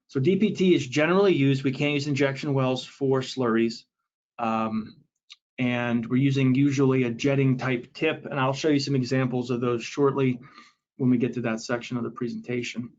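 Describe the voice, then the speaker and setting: A man's voice: mid-range voice, fairly even intonation, moderate pace, darkish tone. A man presenting a technical webinar, explaining in a casual way with frequent fillers and restarts. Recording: dull, lo-fi audio.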